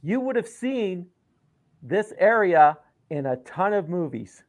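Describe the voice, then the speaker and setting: A man's voice: high voice, very animated, slow, darkish tone. A man in a casual chat, explaining things in an easygoing way.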